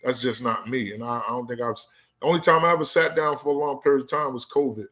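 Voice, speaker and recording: A man's voice: mid-range voice, fairly even intonation, fast, bright, forceful tone, highs cut off. A man from Newark who coaches basketball, telling a story in a casual conversation with plenty of "you know what I'm saying.". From Newark, New Jersey. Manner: laid-back street talk, lots of "you know what I'm saying".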